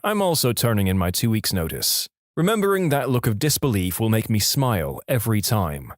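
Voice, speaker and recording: A man narrating reddit stories in a lively, expressive storytelling manner. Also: mid-range voice, no room sound, studio quality.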